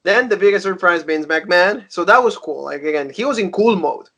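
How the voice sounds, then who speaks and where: A man's voice: high-pitched, animated, a little fast, bright, forceful tone. A man co-hosting a casual wrestling review, recapping in a rambling way with many fillers. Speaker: podcast co-host.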